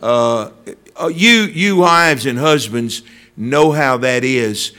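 A man's voice: medium pitch, lively intonation, slow pace, sharp tone, smooth. A man preaching a sermon, telling stories and addressing listeners by name.

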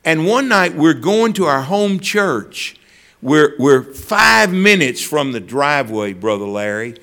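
A man's voice: fairly high pitch, sing-song, slow pace, bright, forceful tone. A man preaching a sermon, telling stories and addressing listeners by name.

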